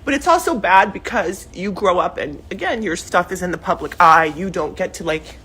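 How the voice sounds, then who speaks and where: Husky, low-voiced middle-aged woman, emotional. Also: animated, moderate pace, pushed and bright. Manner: emotional, heated and rambling with many fillers. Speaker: mother speaking out publicly. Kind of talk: emotional direct-to-camera statement. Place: her own living room, indoors. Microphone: self-recorded camera video.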